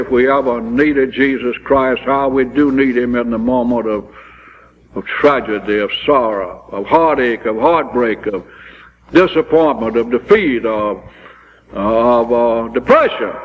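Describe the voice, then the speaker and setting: A man's voice: mid-range voice, slight background noise. A man preaching a sermon, telling stories and building to impassioned, pleading climaxes. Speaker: pastor. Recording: dull old recording in a large hall.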